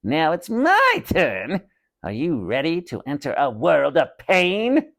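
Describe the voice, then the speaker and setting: A man doing a rasping, taunting evil dummy. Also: fairly high pitch, wildly swooping pitch, slow, fairly bright tone, pitched above the performer's own voice, exaggerated voice. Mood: menacing. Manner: taunting, menacing. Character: evil wisecracking ventriloquist dummy, male.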